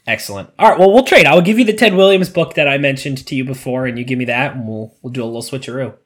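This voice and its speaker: A man's voice: medium pitch, fast. A man co-hosting a podcast, chatting casually and telling stories, acting out the people in them. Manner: animated storyteller, acts out voices. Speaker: podcast co-host. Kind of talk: casual chat.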